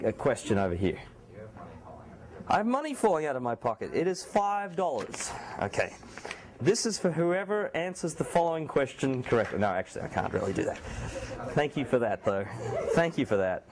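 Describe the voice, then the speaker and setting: A man lecturing a university class in a small room, speaking quietly with a sore throat and making joking asides to his students. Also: on the high side, sing-song, normal speed, background noise. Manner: speaks softly, not loudly.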